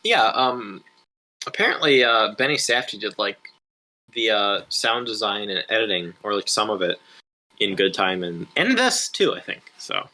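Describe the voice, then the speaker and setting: Lively young man, lots of ums. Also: fairly low pitch, normal speed, poor audio. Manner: rambling, filler-heavy, laughs often. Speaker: podcast co-host. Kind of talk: casual chat.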